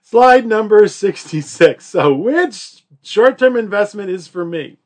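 A man's voice: high voice, lively intonation, slow pace. Chatty man giving a lecture. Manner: chatty and joking, with frequent fillers and acted-out quotes. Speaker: college instructor. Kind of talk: recorded classroom lecture.

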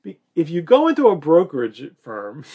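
A man teaching a college class in an easygoing, joking manner. His voice sits a little higher than most men's, and his talk is full of fillers and playful acted-out quotes. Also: wildly swooping pitch, normal speed, husky, highs cut off. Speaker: college instructor. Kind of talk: recorded classroom lecture.

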